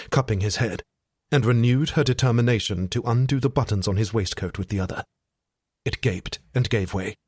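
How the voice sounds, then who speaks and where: A man reads a romance novel aloud in a steady, sensual manner. His voice is low and husky, and the recording is dry and close with no room sound. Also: no echo. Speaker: audiobook narrator. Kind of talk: scripted romance narration.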